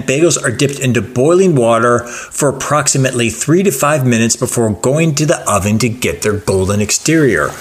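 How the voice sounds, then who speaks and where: A man in a relaxed co-hosted chat, reading out trivia facts in a laid-back, joking way. His pitch sits in an ordinary middle range for a man. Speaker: podcast co-host. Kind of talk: casual chat. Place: Los Angeles.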